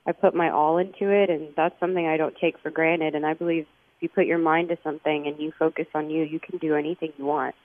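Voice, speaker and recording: A woman's voice: low voice, flat delivery, fast, no room sound. A woman from Texas, a guest on a phone interview, who speaks in an earnest, reflective way and often restarts her sentences. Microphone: phone line. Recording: tinny phone line.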